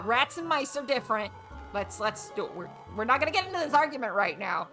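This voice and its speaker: A woman streams a video game, giving live commentary full of giggles and exclamations over the game music. Her voice is high, sing-song, bright and forceful, and she talks briskly.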